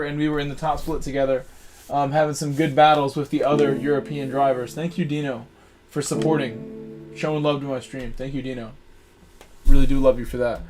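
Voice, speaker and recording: A man hosting a racing game live stream, casually thanking supporters and reading out long lists of viewer names. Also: a little high.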